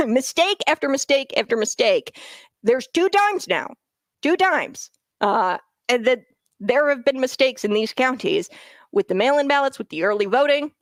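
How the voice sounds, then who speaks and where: A talk radio host, she airs opinionated political views on her show, turning heated and repeating phrases for emphasis. Her voice sits high, her pace is moderate, and no room sound is audible.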